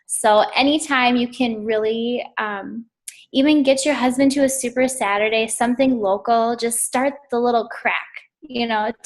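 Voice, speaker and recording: Woman on a team call, kinda high voice, gets emotional and gushy. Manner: emotional, gushing. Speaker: team member sharing a story. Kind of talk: casual call testimonial. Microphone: call audio.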